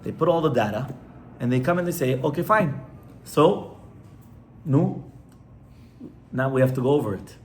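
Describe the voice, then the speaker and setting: A man's voice: mid-range voice, animated, normal speed, pauses often, a little hiss or hum. A man, a rabbi, teaching an informal class to a live audience in a conversational way, often stopping to ask his listeners questions.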